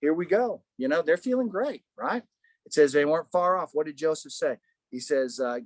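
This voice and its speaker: A man leading a casual Bible study, animated, asking rhetorical questions and saying "man" a lot. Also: on the high side, brisk, no room sound.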